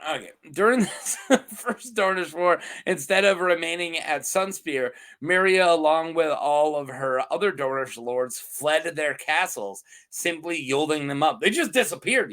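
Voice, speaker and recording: A man's voice: on the high side, bright, forceful tone. A man hosting a lore channel, chatting casually and animatedly, rambling and laughing often.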